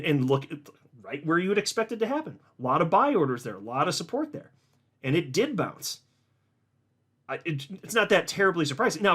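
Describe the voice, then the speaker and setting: A man's voice: on the high side, a bit bright. A man hosting a casual market commentary, reading posts aloud and talking bluntly and emphatically with frequent fillers. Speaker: host of a crypto market channel.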